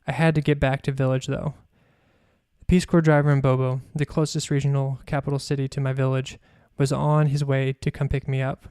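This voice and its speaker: A man reads his own memoir aloud in a measured, even storytelling manner. His tone is mellow and warm, with little rise and fall in pitch. The recording is close and dry. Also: clean tone, no room sound. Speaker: podcast host and author.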